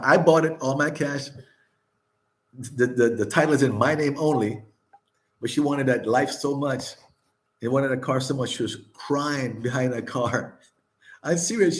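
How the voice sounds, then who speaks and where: Older man, vlog host, casual chat, candid, laughing, repeats himself, mid pitch. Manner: candid, laughing often, swearing, repeating phrases.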